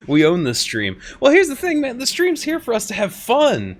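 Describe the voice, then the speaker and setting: A man with a very high-pitched voice and huge pitch swings streams a game at a measured pace, leaving long pauses. He jokes and laughs often while chatting casually with viewers, over loud game music and a slight hiss or hum.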